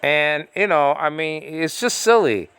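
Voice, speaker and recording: American man, casual rant, exasperated, pitched a bit high, dry close sound. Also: expressive, a little slow, a bit bright, smooth, no room sound. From United States. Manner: exasperated, repetitive, lots of fillers and restarts. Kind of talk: casual ranting monologue. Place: small room at home.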